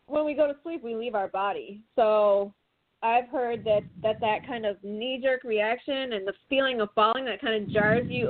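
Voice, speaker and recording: A woman hosting a talk show in casual chat, telling stories with animated acted-out reactions. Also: a little high, no room sound. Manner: animated storyteller, acts out her own panicked thoughts. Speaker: podcast host. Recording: dry phone-like line.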